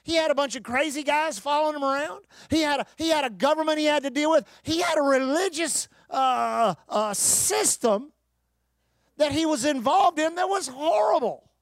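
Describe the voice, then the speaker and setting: A man preaching a sermon, emphatic, with rhetorical questions, repeated phrases and occasional shouted bursts. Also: very high-pitched, no echo, clean studio sound. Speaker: pastor.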